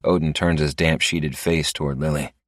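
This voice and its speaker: Deep male audiobook narrator. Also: fairly even intonation, normal speed, no echo, studio quality. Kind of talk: first-person audiobook narration.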